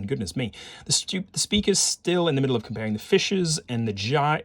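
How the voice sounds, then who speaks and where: A man casually narrating a solo detective board game, reading the case aloud and thinking out loud with rambling, self-correcting asides and little jokes. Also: medium pitch, big pitch swings, fairly quick, no echo.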